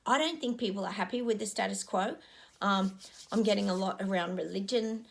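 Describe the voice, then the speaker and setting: A woman's voice: mid-range voice, a little fast, gravelly. A middle-aged woman talking casually to her viewers, rambling and earnest with lots of ums. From Australia. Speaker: psychic giving predictions.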